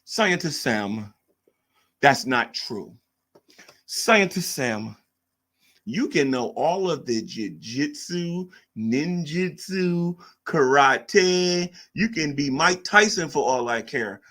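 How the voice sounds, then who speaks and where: A man's voice: a little high, animated, slow pace, hardly any pauses, fairly bright tone. A man hosting a live stream, mocking and arguing with chat commenters in a casual rant. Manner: mocking, combative, reads chat aloud.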